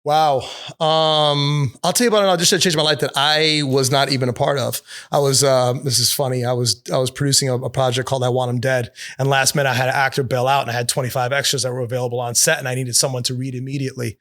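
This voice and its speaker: A man being interviewed as an actor and producer, telling stories in a lively, profane way and acting out the people he quotes. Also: medium pitch, fast. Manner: animated, profane, acts out quotes. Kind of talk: casual interview storytelling. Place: studio with city view.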